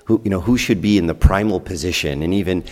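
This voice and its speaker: Male priest, low voice, conversational sermon, long church reverb. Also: fast, a little mellow. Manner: conversational, uses rhetorical questions and acted-out dialogue.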